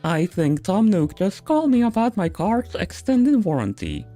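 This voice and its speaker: A man's voice: high voice, big pitch swings, normal speed, warm tone, faint music behind, pitched above the performer's own voice. A man putting on a scratchy robot text-to-speech reading voice that bobs up and down in a sing-song way. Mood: chirpy. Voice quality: scratchy, lo-fi recorded sound. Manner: sing-song ups and downs.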